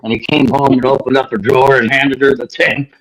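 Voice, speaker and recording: A man's voice: mid-range voice, fairly even intonation, fairly quick, fairly bright tone, low-quality recording. A man co-hosting a casual livestream chat, cracking jokes at the host's expense. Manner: joking, ribbing the host. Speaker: co-host.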